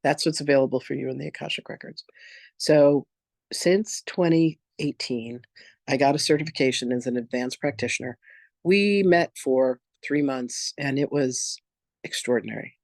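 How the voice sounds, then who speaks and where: A man and reverend teaching in an online masterclass, telling personal stories in a candid, animated, casual way. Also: medium pitch, moderate pace, no room sound, clean studio sound. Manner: animated, acts out quoted voices, casual and candid.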